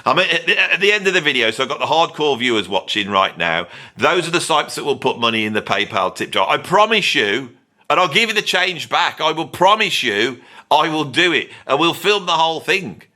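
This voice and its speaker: This British YouTube music commentator, middle-aged, ends his video with a rambling outro full of self-deprecating jokes and cheeky pleas to viewers. His British English voice is a little high, very animated, brisk and sharp.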